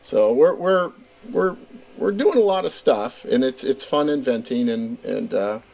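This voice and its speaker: A man's voice: mid-range voice, very animated, a little slow, vocal fry, a little mellow. A middle-aged Californian man, a game designer interviewed as a guest, talking with enthusiasm and stammered repeats. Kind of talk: casual interview chat.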